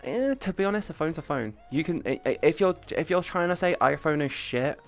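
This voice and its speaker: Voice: medium pitch, a little fast, gravelly, faint music behind. A streamer in casual livestream chat, talking animatedly, swearing freely and often restarting sentences.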